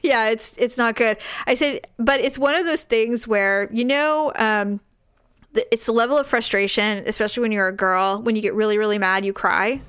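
A woman with a slightly high voice tells a story in a loose, chatty way. She acts out every character's lines with big jumps in pitch and laughs through much of it. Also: moderate pace, smooth. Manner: animated, acts out quoted voices, laughs often. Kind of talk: casual storytelling chat.

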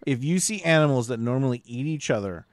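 A man's voice: mid-range voice, lively intonation, fast talker, crowd noise. A man co-hosting a podcast, sarcastic and profane while retelling film scenes. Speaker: podcast co-host. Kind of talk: casual movie discussion.

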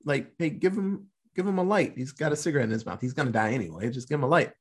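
A man playing a callous outlaw leader, tossing off orders in a lazy drawl. His voice is husky, with a lot of breath in it. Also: medium pitch, animated, fast.

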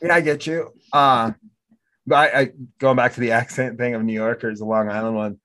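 A man's voice: mid-range voice, steady tone, a little fast, pushed and bright. A middle-aged man from North Dakota hosting a casual chat, telling stories and acting out the exchanges he describes. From North Dakota, USA. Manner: chatty storyteller, acts out quoted exchanges. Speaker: podcast host. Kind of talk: casual conversation.

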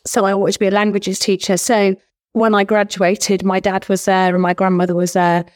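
A middle-aged woman who used to teach languages chats as a guest in an interview, telling stories casually with enthusiasm and lots of asides. Her mid-range voice comes across flat and at a normal speed.

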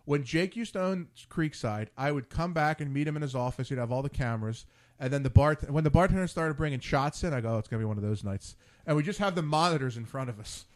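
A man hosting a relaxed talk show, his voice sitting slightly higher than most men's. He tells long, crude anecdotes and acts out every line of dialogue along the way. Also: fast talker. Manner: storytelling, animated and crude, quotes friends in dialogue. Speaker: podcast host. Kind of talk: casual chat.

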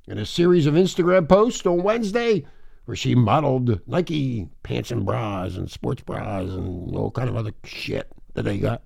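Gravelly man ranting on shock radio. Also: medium pitch, mellow, no room sound. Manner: crude, rambling and mocking, with frequent profanity. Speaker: talk radio host.

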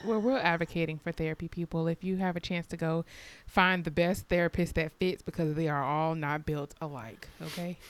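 A woman's voice: deep voice, fairly even intonation, fairly quick, hardly any pauses. A woman co-hosting a podcast in casual chat, blunt and reassuring, swearing freely. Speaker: podcast co-host.

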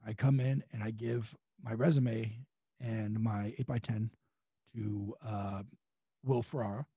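A man's voice: lowish voice, steady tone, slow pace, dark tone, slightly rough, dry recording. A man from California on a podcast, telling rambling, profane anecdotes in a casual chat. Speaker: wrestling guest.

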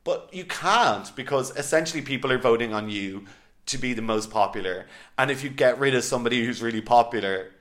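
A man co-hosting a podcast, chatting in an animated, casual way and swearing now and then. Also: mid-range voice, fairly quick. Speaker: podcast co-host. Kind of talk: casual chat recapping a reality show.

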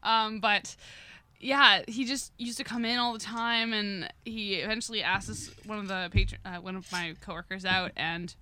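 Bright animated woman telling a story. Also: medium pitch, moderate pace, clean tone. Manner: animated storyteller, laughs often. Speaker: podcast guest. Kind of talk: casual storytelling chat.

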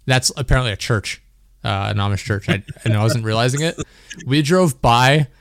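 A male podcast host who tells stories animatedly in casual chat, laughing and swearing often. His mid-pitched voice sounds dry and close to the mic. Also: moderate pace, dry recording.

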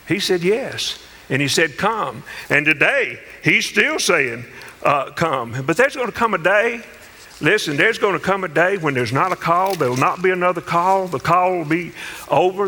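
A man preaching in a church, his voice high and bright as it rings through a long, echoing hall. He spins folksy stories and drives them home with emphatic preaching. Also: expressive, moderate pace. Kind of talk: sermon.

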